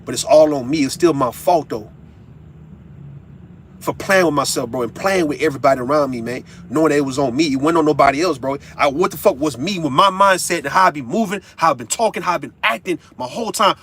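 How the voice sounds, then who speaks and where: A man's voice: fairly high pitch, quick pace, a bit bright, a little hiss or hum. A middle-aged man in an emotional, profane monologue who stumbles and repeats words as he opens up. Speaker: vlogger. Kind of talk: emotional monologue while driving.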